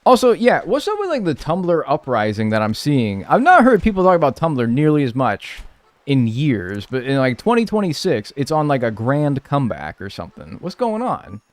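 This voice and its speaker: A man's voice: a little high, wildly swooping pitch, moderate pace, dry recording. A man streaming live, chatting casually and joking as he reads and answers his chat.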